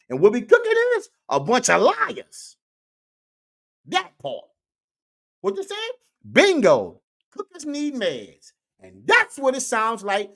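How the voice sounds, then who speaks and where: A man's voice: very high voice, a bit bright. A man doing comedic social media commentary in a preachy way, repeating catchphrases to his viewers. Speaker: online commentator.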